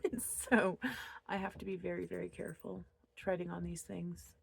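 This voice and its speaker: A woman's voice: on the low side, level tone, moderate pace, creaky, slightly rough. A woman in her thirties chatting casually to camera from her home office, rambling and openly upset. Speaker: crochet vlogger.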